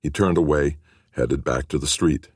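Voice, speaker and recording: A man narrating a fantasy audiobook in an expressive, varied reading. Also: a bass voice, moderate pace, breathy edge, no echo, studio quality.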